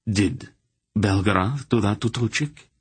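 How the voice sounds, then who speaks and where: Wry thief, dry understatement, read by a man, low husky voice, storybook. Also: unhurried, no room sound. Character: sly wiry male thief, sardonic.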